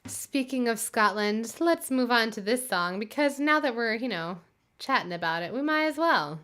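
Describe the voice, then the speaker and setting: A woman's voice: on the high side, expressive, moderate pace, a bit bright. A woman hosting her own live music stream, chatting casually with viewers, giggly and full of fillers.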